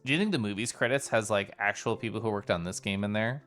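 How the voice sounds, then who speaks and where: A man's voice: on the low side, fast talker, fairly bright tone, faint music behind. A man streaming a story game live, reflecting on the plot and greeting chat in a chatty, thoughtful way.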